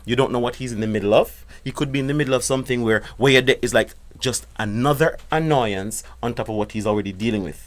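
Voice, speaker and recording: Man, host, relationship advice, insistent, mid-pitched voice. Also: fast talker, few pauses. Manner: insistent, cuts in to explain.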